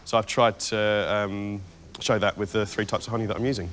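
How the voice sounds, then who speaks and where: A man with a fairly low voice talks about his cooking with a lot of ums and restarts. He sounds keen but unsure of his words. Music plays behind him. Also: steady tone, a little fast, a bit bright. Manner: hesitant, fills with ums. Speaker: contestant. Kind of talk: interview answers. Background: background music.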